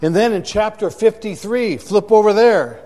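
A man's voice: high-pitched, normal speed, a little mellow, in a large hall. A man preaching a sermon to a congregation, emphatic and repeating words for effect, recorded in a church sanctuary. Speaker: pastor.

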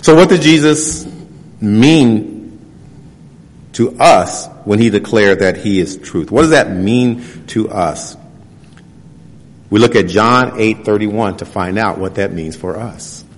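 A man preaching a sermon. He reads scripture passages slowly and presses his points with rhetorical questions. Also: fairly low pitch. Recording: long hall reverb.

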